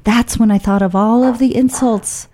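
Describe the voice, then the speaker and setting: A middle-aged woman from Oakland telling a personal story in a wry, blunt, animated way. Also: a little high, normal speed, a crowd in the background. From Oakland, California.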